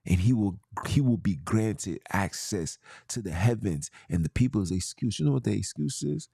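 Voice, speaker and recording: A man's voice: on the low side, lively intonation, moderate pace, gravelly, dark tone, slightly rough, dry recording, clean studio sound. A man hosting a podcast, talking in a casual, emphatic monologue full of street slang and preachy asides. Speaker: podcast host.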